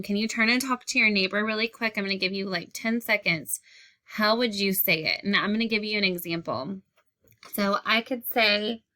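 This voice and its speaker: Bright-voiced woman teaching young kids. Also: mid-range voice. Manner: patient, guiding, repeats key phrases. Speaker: elementary school teacher. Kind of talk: classroom lesson for young children.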